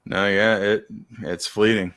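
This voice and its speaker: A man's voice: fairly low pitch, fairly even intonation, measured pace, a bit bright, clean tone, soft background music. A man co-hosting a casual coin live stream, greeting viewers in the chat and losing his voice. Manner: greets chat viewers, brief friendly replies. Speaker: co-host.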